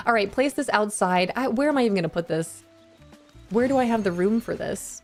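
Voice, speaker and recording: Streaming a cozy game with faint game music behind her, a woman chats casually with viewers in a mid-range voice at a moderate pace. She's bubbly and giggly, laughing often.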